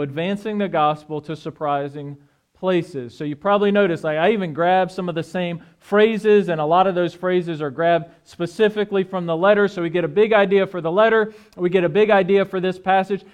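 A man preaching a sermon in a relaxed, conversational way, often checking in with the congregation. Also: high voice. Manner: conversational, asks "right?" often. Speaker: pastor.

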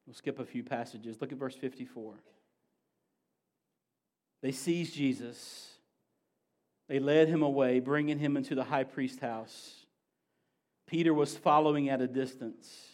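A man preaching a sermon as pastor, building to emphatic raised passages and dropping to quiet low asides. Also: fairly even intonation, measured pace, long pauses.

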